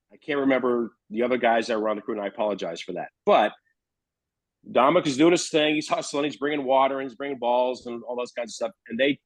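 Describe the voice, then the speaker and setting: A man in his fifties, a radio baseball broadcaster, telling a story at a measured, steady pace in a casual chat. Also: mid-range voice, dry recording, rough recording.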